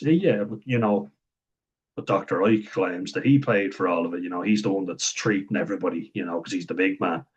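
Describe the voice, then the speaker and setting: A man's voice: low voice, breathy edge, poor audio. An Irish man talking through a series in casual commentary, blunt and chatty, acting out the quoted lines as he goes. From Ireland.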